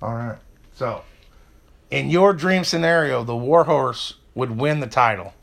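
A man's voice: medium pitch, measured pace, vocal fry, a bit bright. A man hosting a casual wrestling preview podcast, rambling with fillers and turning to a heated rant. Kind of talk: casual chat.

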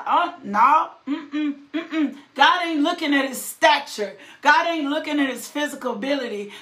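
Woman preacher, fervent sermon delivery, high bright voice, unhurried with repeated phrases.

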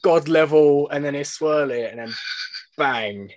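A man's voice: fairly high pitch, unhurried, a little mellow, no echo. A young man, chatting casually as a podcast co-host, full of "like" fillers and laughing often. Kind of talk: casual chat.

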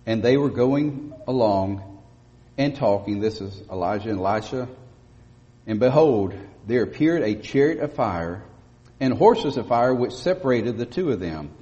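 A man preaching a sermon as pastor, speaking emphatically and rising to loud stresses on key words. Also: medium pitch, animated, measured pace. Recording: dull lo-fi audio with long church reverb.

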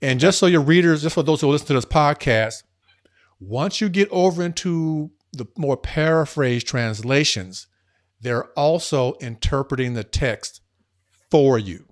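A man speaking as a podcast guest, earnest and emphatic, shifting between quick bursts and slow, stressed words. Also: a little high, animated. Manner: earnest and emphatic, speeding up and slowing down. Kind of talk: casual conversational podcast talk.

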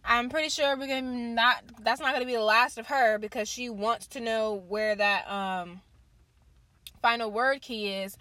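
A woman's voice: on the high side, fairly even intonation, moderate pace, pushed and bright. A woman chatting casually to viewers in a vlog, gushing and tossing in lots of "like". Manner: chatty and gushing, heavy use of "like"; addresses viewers as "you guys" and "y'all". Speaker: book reviewer.

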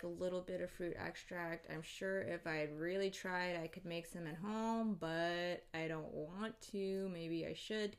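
A woman's voice: fairly low pitch, clean tone. Exasperated woman ranting with swearing. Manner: exasperated, profane, emphatic. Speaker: vlogger. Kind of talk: ranting to camera.

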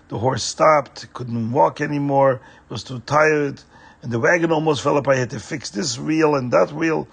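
Very husky, gravelly male storyteller. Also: mid-range voice. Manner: animated, addresses listeners directly. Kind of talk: children's story narration.

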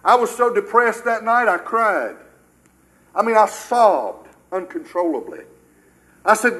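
A man's voice: sits high, lively intonation, unhurried, pushed and bright, poor audio. An older American man preaching a sermon with emphatic rhetorical questions, his delivery surging and dropping.

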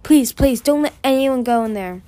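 A woman's voice: sits high, moderate pace, warm tone, no echo, pitched above the performer's own voice, natural voice. A woman voicing a panicked young dragon girl. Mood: pleading. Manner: pleading, panicked. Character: frightened young female dragon seer.

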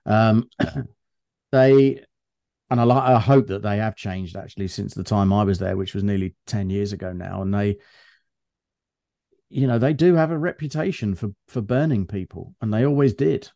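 Middle-aged man, co-host, chatty storyteller, dark mellow tone, dry close sound. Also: on the low side, moderate pace, vocal fry, no echo. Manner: chatty, animated anecdotes with restarts. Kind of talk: casual conversational storytelling.

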